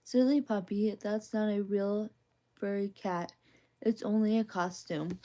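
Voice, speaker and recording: A woman reading children's picture books aloud as soft ASMR bedtime reading, in a gentle, sing-song rhythm. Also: medium pitch, steady tone, measured pace.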